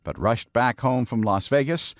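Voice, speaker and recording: A man reading a scripted news report in a steady, formal delivery. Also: mid-range voice, moderate pace, noisy background.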